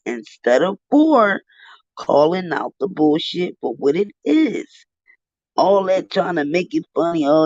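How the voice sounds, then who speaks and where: A man's voice: fairly high pitch, a little mellow, no echo. A man giving heated, profane live commentary on a stream. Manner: profane, indignant, ranting. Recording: dull dry lo-fi stream audio.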